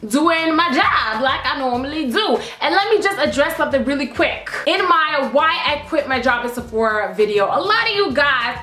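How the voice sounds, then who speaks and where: A young woman telling a casual storytime vlog in a sassy, blunt and animated way, recorded on a camera mic in an indoor room. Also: sits high. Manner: sassy, animated and blunt, swinging into a loud put-on diva voice. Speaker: vlogger. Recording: echoey room with faint music.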